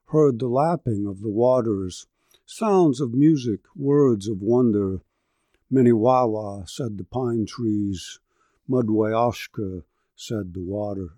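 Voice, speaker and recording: A man narrating a long narrative poem in a measured, rhythmic verse delivery. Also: medium pitch, dark tone, no echo. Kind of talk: narrative poetry reading.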